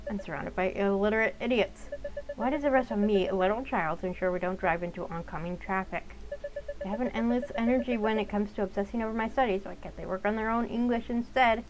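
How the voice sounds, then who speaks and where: A woman voicing a sharp-tongued, exasperated teenage girl who lectures her parents. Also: mid-range voice, quick pace, noisy background, close to an everyday voice. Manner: impatient, lecturing.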